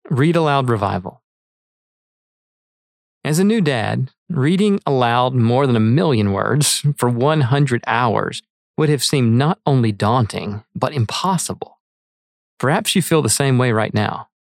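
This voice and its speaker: A man's voice: mid-range voice, gravelly, no echo. Earnest middle-aged man, dry close voice. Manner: earnest, measured reading. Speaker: author reading his article. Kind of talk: read-aloud essay narration.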